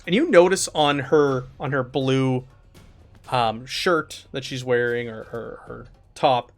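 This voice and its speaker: A man narrating and running a tabletop game as game master, talking in a relaxed way with many fillers. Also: mid-range voice, slow pace, soft background music. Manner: relaxed, filler-heavy descriptions.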